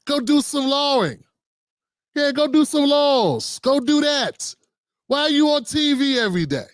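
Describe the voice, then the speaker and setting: A man's voice: high-pitched, dry recording, clean studio sound. Exasperated man ranting at news clips. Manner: animated, exasperated rants with swearing. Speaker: political commentary streamer. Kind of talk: reaction commentary on news clips.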